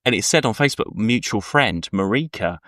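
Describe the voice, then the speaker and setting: A man's voice: lowish voice, animated, fairly quick, a bit bright, no room sound, clean studio sound. A man co-hosting a podcast, chatting casually and rambling through anecdotes while acting out the people he quotes. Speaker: podcast co-host. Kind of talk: casual chat.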